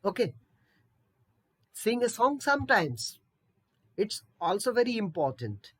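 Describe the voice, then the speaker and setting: A woman teaching English pronunciation, speaking slowly and with a lot of melody. She repeats every word patiently and keeps checking in with her learners. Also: mid-range voice, very animated, a bit bright, slightly rough. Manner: patient, repetitive, checks in with "okay?". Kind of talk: online pronunciation lesson.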